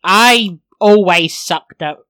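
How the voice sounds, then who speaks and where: A man's voice: high voice, slow, sharp tone, smooth, no echo. A man co-hosting a casual podcast, talking in a hesitant, self-deprecating way. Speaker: podcast co-host. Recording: dull lo-fi recording.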